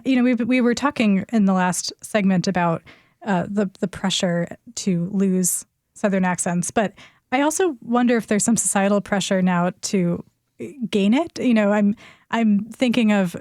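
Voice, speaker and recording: A woman's voice: medium pitch, a little mellow, dry recording. A woman hosting a radio call-in show, heard close on a studio mic with a dry, dead sound. She asks callers follow-up questions in a friendly, curious way.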